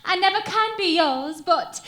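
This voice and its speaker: A woman's voice: very high-pitched, expressive, unhurried, sharp tone, heavily acted. A woman playing an earnest young milkmaid torn between duty and love, acting melodramatically on stage. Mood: melodramatic. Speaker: stage actor. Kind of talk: amateur stage musical acting. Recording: echoey theater stage.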